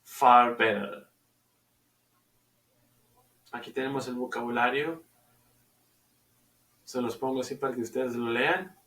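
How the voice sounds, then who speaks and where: A man teaching an English lesson, repeating phrases slowly for his students to drill and stopping to explain pronunciation. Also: medium pitch, fairly even intonation, a bit bright. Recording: echoey room, far from the mic.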